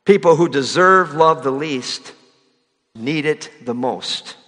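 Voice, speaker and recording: Bright-voiced man preaching in a hall. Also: slow pace. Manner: builds to loud, high-pitched emphatic preaching, drops soft for key lines. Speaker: pastor. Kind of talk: sermon.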